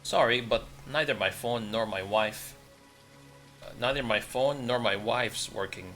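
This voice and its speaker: A man's voice: mid-range voice, measured pace, a bit bright, faint music behind. A man reading game dialogue aloud, voicing a shifty middle-aged man who is smug and pushy.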